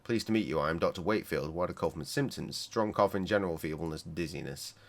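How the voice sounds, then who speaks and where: A man's voice: low voice, voice pushed down. A man doing a grave, formal doctor. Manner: measured and formal.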